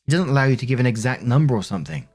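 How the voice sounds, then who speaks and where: A man's voice: mid-range voice, very fast, creaky, a little mellow, faint music behind. A man voicing a nosy, pushy young woman coworker who pries with a wheedling tone. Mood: prying. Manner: prying, wheedling.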